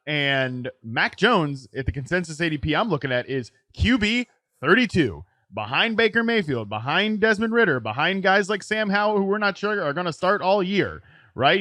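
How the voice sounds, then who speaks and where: A man hosting a casual sports podcast, talking in quick bursts with frequent restarts and "right?" tags. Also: mid-range voice, sharp tone, no room sound. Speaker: podcast host. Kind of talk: casual fantasy football chat.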